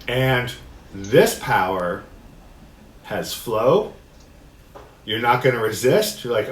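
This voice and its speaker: A man teaching a discussion workshop, reading passages aloud and explaining them in a relaxed way, often laughing. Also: medium pitch, takes it slowly, long pauses. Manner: relaxed, laughs often, acts out quoted voices. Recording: echoey room with faint noise.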